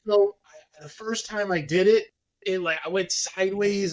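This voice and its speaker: A podcast guest who owns a business tells his story candidly, acting out other people's lines. His voice sits high and he speaks briskly.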